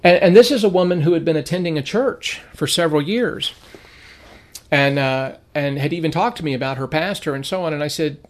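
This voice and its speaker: A middle-aged man gives an informal Bible lesson in a voice pitched a touch high. He talks through his points conversationally, slipping into anecdotes and briefly voicing the people in them. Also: brisk. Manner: conversational, storytelling, acts out quoted people. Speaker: Bible teacher.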